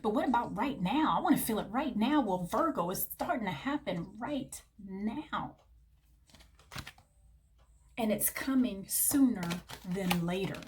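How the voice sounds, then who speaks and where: A woman's voice: mid-range voice, expressive, measured pace, a little hiss or hum. A woman giving a tarot reading to her viewers, gushing and affectionate, calling the listener honey and baby. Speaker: tarot reader.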